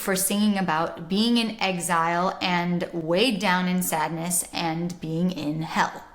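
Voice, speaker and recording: A woman soprano teaching a music lesson, explaining pronunciation slowly and deliberately and sounding out vowels aloud. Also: lowish voice, steady tone. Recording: roomy echo.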